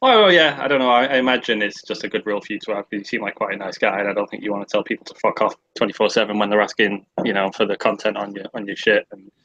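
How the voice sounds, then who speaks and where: A man's voice: on the low side, racing, few pauses, fairly bright tone, dry recording, muffled recording. A young man with a British accent, hosting a stream from a bedroom and chatting casually, sweary and rambling. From Britain. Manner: sweary, rambling, laughs at himself. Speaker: stream host. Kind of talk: casual chat. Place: sister's bedroom.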